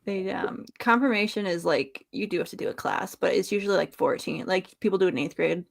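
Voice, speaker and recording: A woman's voice: fairly low pitch, fairly quick, vocal fry. A woman co-hosting a casual podcast chat, laid-back and teasing. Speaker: podcast co-host.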